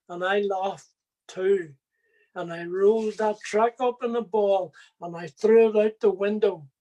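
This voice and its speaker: A man's voice: high voice, a little mellow. A man giving a personal faith testimony, telling his story plainly and speaking straight to his listeners.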